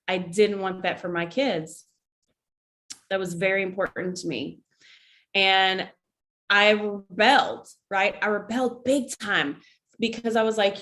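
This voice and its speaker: A woman's voice: medium pitch, steady tone, measured pace, a bit bright. A woman who is an army veteran, talking candidly and conversationally to her viewers in a casual vlog, often breaking off for asides. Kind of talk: casual talk to camera.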